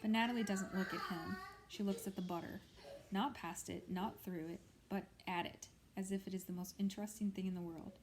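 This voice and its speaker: A woman reading a novel aloud in a steady storytelling voice. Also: mid-range voice, fairly quick, a little hiss or hum, rough recording. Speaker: audiobook reader. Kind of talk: scripted narration of a novel.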